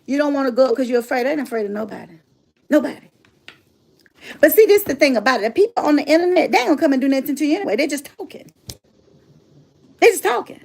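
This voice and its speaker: A high-sitting voice with vocal fry belongs to a middle-aged woman, a motivational speaker hosting her own channel. In a casual livestream monologue she's sassy and emphatic with her audience, laughing often and repeating herself for effect.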